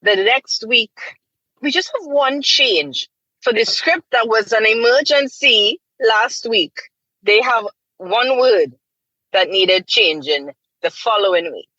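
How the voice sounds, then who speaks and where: A woman's voice: on the high side, takes it slowly, no room sound, lo-fi sound. A middle-aged woman, a voice artist, chatting animatedly and wryly about her work in an interview. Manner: animated, wry storytelling with quoted asides. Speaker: voice artist guest. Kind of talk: casual interview talk.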